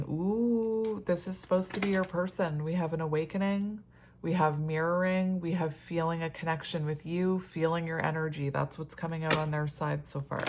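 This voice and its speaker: A woman's voice: low voice, background noise. A woman in a casual solo tarot reading, chatty and rambling, often laughing and exclaiming at the cards. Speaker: tarot reader.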